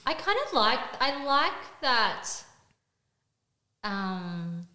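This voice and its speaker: A woman's voice: fairly high pitch, sing-song, drawn-out words, pushed and bright. A young woman co-hosting a podcast, chatty, enthusiastic and agreeable. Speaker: podcast co-host. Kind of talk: casual chat. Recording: echoey room with faint noise.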